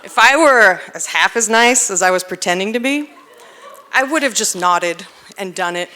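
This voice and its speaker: A woman telling a personal story on stage, animated and self-deprecating, often laughing as she talks. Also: mid-range voice, moderate pace. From United States. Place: stage at a live storytelling event.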